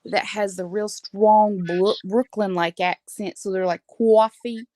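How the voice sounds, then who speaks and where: A woman's voice: mid-range voice, fairly even intonation, a little slow, darkish tone. A woman with a mild West Virginia accent chats in an easy, curious way, asking how words are said. The sound is dry and close, with no room echo. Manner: curious, quizzes about pronunciation. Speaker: co-host. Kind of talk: casual chat on a livestream.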